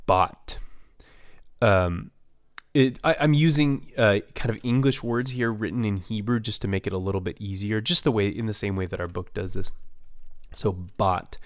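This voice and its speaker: A man with a fairly low voice teaches a recorded lesson, step by step. He hesitates often and restarts his sentences. The sound is dry and close, with no room echo. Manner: halting, many fillers and restarts. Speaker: Hebrew teacher.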